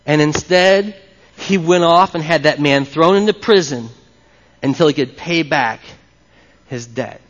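High-voiced preacher in a reverberant church. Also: male voice, measured pace. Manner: animated, talks with the congregation. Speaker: pastor. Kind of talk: live sermon. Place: church before a congregation. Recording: long reverb, dull lo-fi sound.

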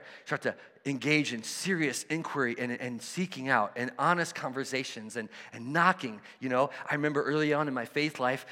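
A man preaching a sermon, conversational and animated, acting out the voices of people in his stories. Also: mid-range voice, big-room sound. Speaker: pastor.

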